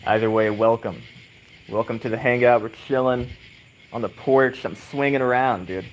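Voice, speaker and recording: A man's voice: medium pitch, steady tone, slow, long pauses, a little hiss or hum, low-quality recording. Cursing man chatting casually on a porch. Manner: rambling, heavy swearing, chuckling often. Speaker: livestream host. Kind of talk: casual chat with viewers. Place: outdoor porch, rocking on a swing.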